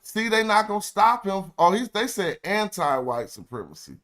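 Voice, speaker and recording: This man's voice is high, with big pitch swings and a fairly bright tone, delivered at normal speed. He hosts a laid-back screen-share tutorial online, chatting slangily with viewers and regularly correcting himself mid-sentence.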